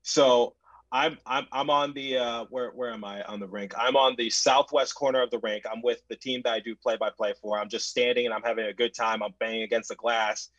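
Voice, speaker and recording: A young man tells a story on a podcast, excitable and full of restarts. He sounds dry and close, with a dull, lo-fi tone. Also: mid-range voice, fairly quick, no room sound. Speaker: podcast guest. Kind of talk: casual podcast chat. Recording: dull lo-fi mic.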